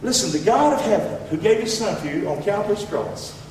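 A Southern man delivers a folksy sermon with a high, lively voice that leaps to shouts and sinks to quiet asides. He is heard from a distance in a big echoing hall, with a faint hum of the room behind him. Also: fairly quick. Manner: folksy, swings from loud shouts to low asides. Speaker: preacher. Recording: echoey hall, voice from far off.

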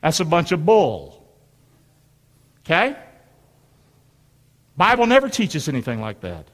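A man's voice: on the high side, huge pitch swings, measured pace. A middle-aged man preaching a sermon, emphatic, calling on his congregation to answer back. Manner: emphatic, call-and-response with congregation. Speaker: pastor. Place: church sanctuary. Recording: long hall reverb.

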